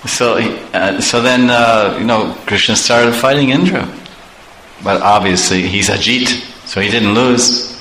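Bright-voiced preacher telling stories. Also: male voice, lowish voice, unhurried. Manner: animated, chuckling often, conversational asides. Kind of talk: storytelling sermon. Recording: echoey room, faint background noise.

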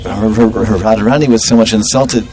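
A man telling a devotional story in an animated way, chuckling and acting out the characters. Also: lowish voice, fairly quick, poor audio. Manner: animated, chuckling, acts out voices.

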